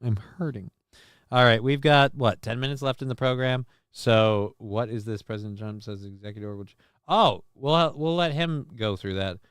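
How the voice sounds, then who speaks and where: A man's voice: medium pitch, moderate pace, fairly bright tone, smooth, no room sound, clean studio sound. A man hosting a casual live stream, reading chat messages and news aloud and cracking crude jokes. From northern United States. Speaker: show host.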